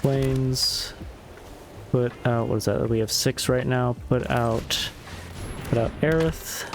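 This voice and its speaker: A man streams a card game late at night, narrating each play in a loose, conversational way. He slips into dry, wry remarks aimed at his opponent. His voice sits at an ordinary mid pitch, with music playing clearly behind him. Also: steady tone, slow. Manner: wry, muttering asides at opponents.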